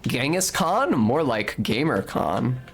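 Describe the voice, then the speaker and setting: A man's voice: medium pitch, very animated, slow, slight background noise. A man streaming a video game, chatting casually with viewers in a rambling, joking, profane way. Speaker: game streamer talking to chat. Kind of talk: casual live-stream chatter while playing.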